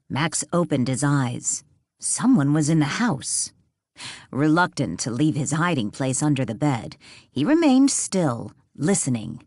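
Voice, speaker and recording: A woman reading a mystery audiobook as narrator, in a measured, suspenseful way. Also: low voice, a little mellow, dry recording, clean studio sound. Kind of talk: storybook narration.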